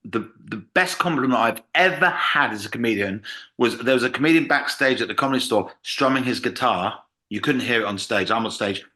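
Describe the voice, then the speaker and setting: An English man talks comedy on a podcast, and the words come out fast. His tone is bright and forward. He is an animated storyteller who breaks into short impressions as he quotes people. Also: medium pitch. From England. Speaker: comedian guest. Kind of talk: casual podcast conversation.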